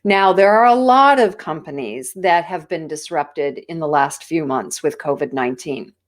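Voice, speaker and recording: A woman's voice: deep voice, expressive, moderate pace. A woman with an American accent giving an enthusiastic, polished business presentation as a guest speaker. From United States. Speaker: keynote speaker.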